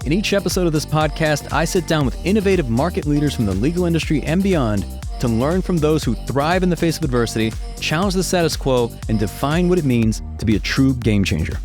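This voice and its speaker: An upbeat, friendly man hosts a podcast, delivering a promotional intro and easy questions. Soft music runs faintly beneath his voice. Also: fairly high pitch, lively intonation, brisk. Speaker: podcast host. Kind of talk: scripted podcast intro and interview.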